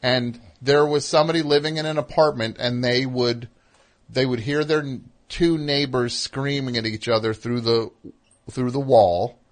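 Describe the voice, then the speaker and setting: A man hosts a radio call-in show in a loose, casual chat. He rambles and gets animated, then lets his voice sink off quietly. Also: medium pitch, normal speed.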